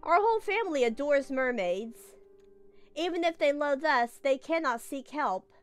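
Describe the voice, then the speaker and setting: A woman reading the lines of a remorseful old man hiding a family secret, in a plain, calm voice. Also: high-pitched, moderate pace, faint music behind. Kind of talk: reading game dialogue aloud.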